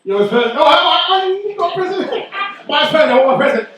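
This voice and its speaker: A middle-aged man doing stand-up comedy, loud and swearing as he teases the crowd. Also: extremely high pitch, sing-song, fairly quick, distant mic. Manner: loud, swearing, teasing banter. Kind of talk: stand-up comedy with audience banter. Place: indoor comedy venue. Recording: echoey room, voice from afar, faint noise.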